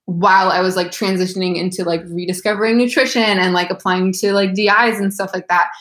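A woman's voice: mid-range voice, steady tone, brisk, a bit bright. A woman dietitian co-hosting a podcast, gushing and talking in a casual way with many "like" fillers. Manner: gushing, heavy use of "like" fillers. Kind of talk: casual chat. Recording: echoey room.

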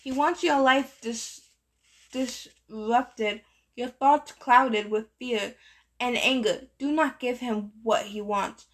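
In a storybook reading, a weary old centaur teacher speaks in a gentle, measured way, as a woman puts him on. His voice sits a little high, with patient, unhurried authority. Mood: earnest. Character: wise weary male centaur teacher, kindly. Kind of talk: audiobook reading.

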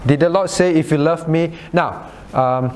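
A man's voice: a little high, measured pace, a little mellow, slight background noise. A man pastor leading a Bible study in sermon style, often asking "right?" and calling on listeners by name. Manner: rhetorical "right?" checks.

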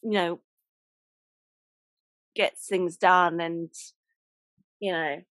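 A woman's voice: on the low side, fairly even intonation, drawn-out words, a bit bright, no echo. A woman hosting a casual chat, often ending points with tag questions. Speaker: host.

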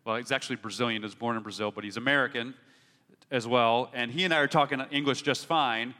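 A man preaching a sermon, telling stories and building to emphatic, animated peaks. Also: mid-range voice, fast, big-room sound. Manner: storytelling, rising to emphatic peaks. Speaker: pastor.

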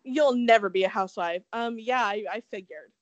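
A woman in her twenties with a fairly high voice co-hosts a podcast, chatting casually at normal speed. She's gossipy, profane, and laughs often. The recording is rough.

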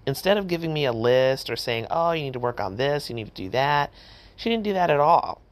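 A middle-aged woman hosting a podcast, telling a personal story in a chatty, animated way with lots of fillers and acted-out quotes. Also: deep voice, brisk. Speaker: podcast host. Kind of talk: casual storytelling.

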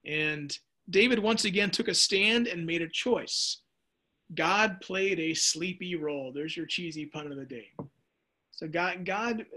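A man's voice: high voice, pushed and bright. A man leading a casual Bible study lesson, chatty and joking, answering viewers' typed questions. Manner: chatty, jokey asides, restarts mid-sentence.

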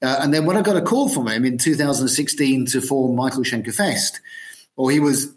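A middle-aged man, a guitarist and producer, speaking as a guest in a podcast interview, thoughtful and hesitant with frequent pauses. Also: medium pitch. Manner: thoughtful, hesitant with many ums.

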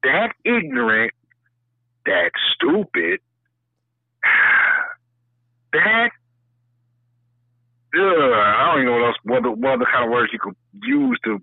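A man in casual chat, profane and emphatic, with a voice that sits a bit high and swings lively in pitch. He sounds like he is on a tinny, phone-like line with no room sound. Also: takes it slowly, creaky, pauses often, dry recording. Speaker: co-host.

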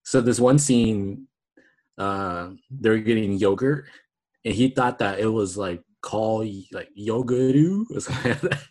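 Husky-voiced laid-back podcast co-host. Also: male voice, on the low side, measured pace, darkish tone. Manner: laid-back, laughs often, lots of "like". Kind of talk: casual podcast chat.

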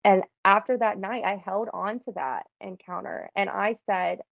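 Young woman telling her faith story, casual and earnest, raspy fry, dry close sound. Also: mid-range voice, fairly even intonation, measured pace, few pauses, no room sound, muffled recording. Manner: casual, earnest, uses "like" often. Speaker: guest sharing testimony. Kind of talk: personal testimony.

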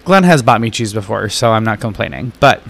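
A man's voice: lowish voice, brisk, gravelly. A man co-hosting a podcast in casual chat, joking sarcastically and reacting with big exclamations. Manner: animated, sarcastic, jokey. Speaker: podcast co-host.

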